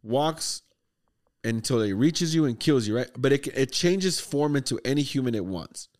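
Male podcast host, mid-pitched, excitable and profane, rambling storyteller. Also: normal speed. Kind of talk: casual movie review chat.

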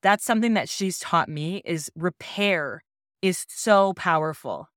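A woman's voice: on the low side, expressive, measured pace, a bit bright, no echo, clean studio sound. A woman podcast host telling a personal parenting story in an earnest, reassuring way.

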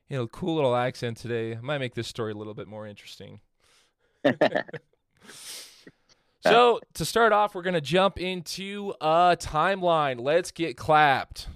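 Casual male podcast host, congested, smooth tone, chatty with restarts, dry sound. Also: fairly high pitch, a bit bright, no echo. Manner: loose and chatty, with frequent fillers and restarts. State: congested from a head cold.

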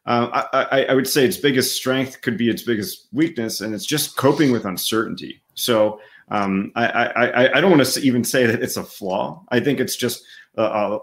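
A man co-hosting a podcast, talking casually and thinking aloud with many fillers and restarts. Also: medium pitch. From United States. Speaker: podcast co-host. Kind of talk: casual chat.

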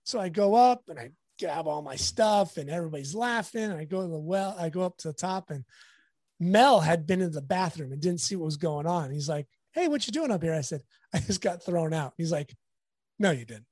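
Animated man telling sports stories. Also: a little high, brisk, no echo. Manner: animated storyteller, acts out quotes. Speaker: sports photographer. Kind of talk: casual storytelling interview.

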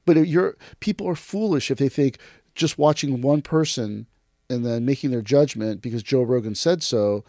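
A man hosting a martial arts podcast in casual chat, animated, sometimes mimicking online commenters. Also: moderate pace, no room sound, studio quality. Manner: animated, acts out mocking commenters in sudden high voices.

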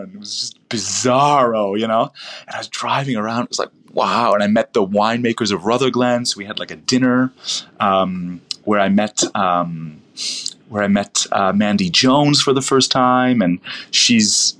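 In a casual interview, a wine professional from the United States spins long, wandering stories. His lowish voice has a fairly bright tone, and he keeps interrupting himself, restarting and leaning on fillers.

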